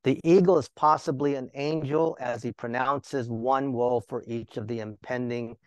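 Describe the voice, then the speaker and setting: A man's voice: medium pitch, fairly even intonation, moderate pace, dry recording. A male Bible teacher giving a sermon, talking to the listeners with rhetorical questions and joking asides.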